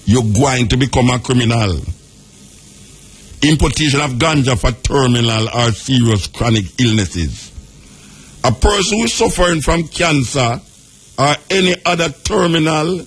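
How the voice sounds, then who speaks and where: A Jamaican radio host reading out a legal text, breaking into patois asides between the clauses. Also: male voice, on the high side, slightly rough. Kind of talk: reading and commenting on a law.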